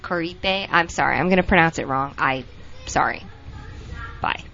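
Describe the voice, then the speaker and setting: A woman's voice: extremely low pitch, moderate pace, vocal fry, pushed and bright, faint music behind. A woman co-hosting a casual podcast, reading listener emails aloud and stumbling over names with a laugh. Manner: laughing, self-interrupting while tending a child. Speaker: podcast co-host. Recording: dull lo-fi podcast audio.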